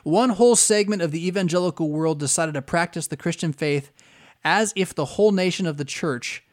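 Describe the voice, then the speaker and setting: A man's voice: fairly high pitch, a little fast. A pastor giving a conversational teaching lecture, often checking in with his listeners by asking "right?".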